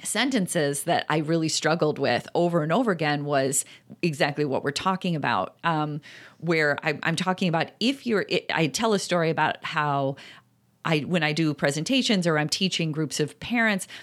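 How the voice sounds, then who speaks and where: A middle-aged woman co-hosting a parenting talk, speaking emphatically and jumping up in pitch on key points. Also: expressive, normal speed. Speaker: podcast co-host, parenting author. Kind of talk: casual conversational chat.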